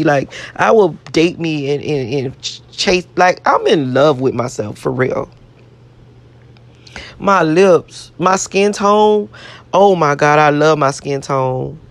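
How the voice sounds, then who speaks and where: A woman vlogger rambling in a brash, profane, boastful way, repeating herself as she talks to her viewers. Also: deep voice. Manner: boastful, self-adoring. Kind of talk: casual self-talk to camera.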